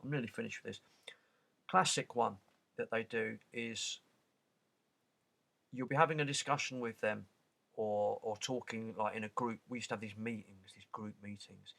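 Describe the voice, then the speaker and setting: A man reads a book aloud and breaks off into halting, casual commentary, full of restarts and repeated words. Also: fairly low pitch, steady tone, gravelly, a bit bright. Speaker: reader and commentator.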